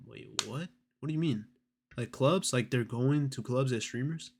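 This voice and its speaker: A man's voice: medium pitch, normal speed, creaky, a little mellow, a little hiss or hum. A man hosting a live stream, reacting to messages in a slangy, profane, sarcastic way. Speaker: streamer host. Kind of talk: casual reaction commentary.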